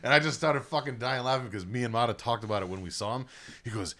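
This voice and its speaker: A man's voice: medium pitch, fast talker, fairly bright tone. A young man hosting a casual podcast, telling a long, profane story with lots of laughing. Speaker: podcast host.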